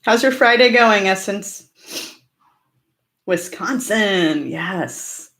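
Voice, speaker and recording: A woman's voice: mid-range voice, lively intonation, very slow, fairly bright tone. Chatty woman host, casual live-stream Q&A, frequent ums and laughs, mid-range voice. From Orange County, California. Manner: chatty, laughs often, many fillers. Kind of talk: casual live-stream chat answering viewer comments.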